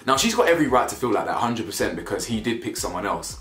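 Very animated and fast, with hardly any pauses, this reality TV reviewer gives casual, opinionated commentary that's blunt, slangy, and repetitive for emphasis. His voice is on the low side and fairly bright, heard in an echoey room with faint music.

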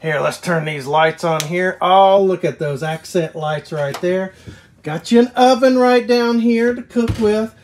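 A man's voice: high voice, measured pace, slight background noise. A man giving an enthusiastic walkthrough tour of a travel trailer as a salesman, eagerly pointing out each feature. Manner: excited, keeps pointing things out "right there".

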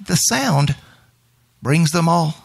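A man's voice: fairly high pitch, animated, slow pace, creaky. A male minister giving a spontaneous, reflective sermon during worship and quoting scripture.

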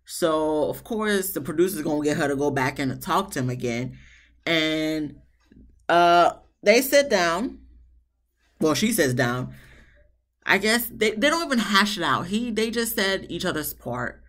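Woman reviewer, lowish voice, loose and profane, mocks the cast with sudden squeaky quotes. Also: sing-song, a little slow, a bit bright. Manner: blunt, profane, exasperated. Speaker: reality TV reviewer. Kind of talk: casual recap and commentary.

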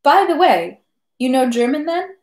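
A woman's voice: high-pitched, very animated, a little slow, darkish tone, reverberant, voice pushed up, heavily acted. A woman doing an effusive French army captain. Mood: merry. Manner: effusive, insistent, sentimental. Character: merry, boastful male French army captain.

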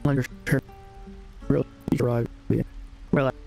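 A young man talks slowly and casually as he streams a game. His voice sits at an ordinary mid pitch. He mutters half-finished thoughts to himself as he sorts through things. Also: little pitch movement, creaky, dark tone, faint music behind. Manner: muttering to himself while browsing. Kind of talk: casual live-stream commentary.

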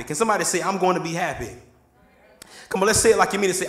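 High-voiced preaching man in echoey church. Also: lively intonation, fast talker, fairly bright tone. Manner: call-and-response preaching, asks for amens. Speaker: pastor. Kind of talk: sermon. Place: church sanctuary.

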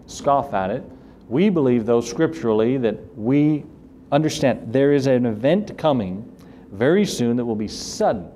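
A man's voice: mid-range voice, mellow, muffled recording, slight background noise. A man preaching a sermon as pastor, earnest and building to emphatic questions. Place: church sanctuary.

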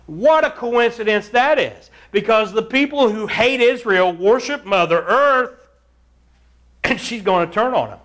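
A man preaching a verse-by-verse Bible sermon, urging his listeners to read along and telling animated stories with frequent chuckles. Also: high-pitched, measured pace. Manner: animated storyteller, acts out scenes and chuckles often; addresses the congregation directly, urging them to read along. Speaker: pastor.

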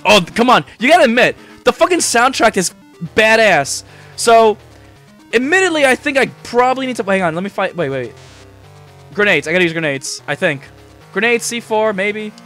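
Brief: lively, high-ish young guy narrating his gameplay, cursing, game music underneath. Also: normal speed. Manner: excitable, cursing, talking to himself. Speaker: let's play gamer. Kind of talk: let's play commentary.

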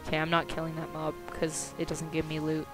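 A man's voice: a little high, completely flat delivery, fairly quick, music in the background. A young man recording his gameplay and chatting casually, joking with dry, sarcastic asides. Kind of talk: casual gaming commentary. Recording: noisy home recording with clicks.

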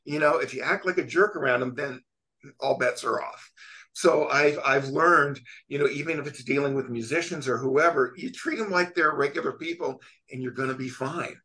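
Middle-aged man, chatty storyteller, rambling, medium pitch. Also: normal speed. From California. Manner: rambling, animated storyteller with many restarts. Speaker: guest, sports photographer. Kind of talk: casual storytelling chat.

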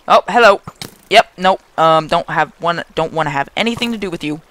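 A young man hosting a gaming channel, giving jokey, excitable let's play commentary and talking to the game's monsters. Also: a little high, a little fast.

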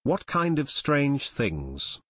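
An earnest young amateur detective, as a male narrator reads him, who keeps asking questions. The voice is dry and close, and the pitch moves a lot. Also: huge pitch swings, very slow, fairly bright tone, husky, no echo, full character voice.

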